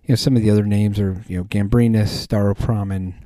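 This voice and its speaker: A man's voice: fairly low pitch, steady tone, fairly quick, mellow, no room sound. A man hosting a podcast, chatting casually in a rambling way with many ums and restarts. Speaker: podcast host. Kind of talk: casual chat.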